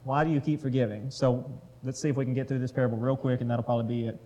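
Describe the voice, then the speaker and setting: A man's voice: mid-range voice, steady tone, rapid-fire, dark tone, muffled recording. A man leading a casual Bible study, talking with the group, putting questions to them and reading scripture aloud.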